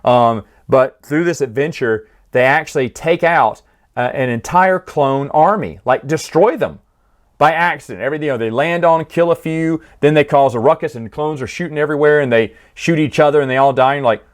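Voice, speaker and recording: A man's voice: on the high side, normal speed. A man hosting a casual spoken recap of a book series, chatty, with frequent restarts, fillers and laughs.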